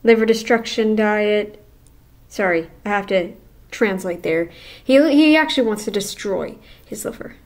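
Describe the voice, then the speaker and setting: A woman's voice: medium pitch, unhurried. A woman hosting a reaction channel, talking back at a video with blunt, sarcastic commentary.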